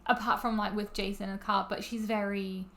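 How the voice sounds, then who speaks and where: Gravelly-voiced Australian woman co-host. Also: medium pitch, little pitch movement, a little fast, fairly bright tone. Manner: playful, swears, quotes characters. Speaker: podcast co-host. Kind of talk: casual chat recapping a film.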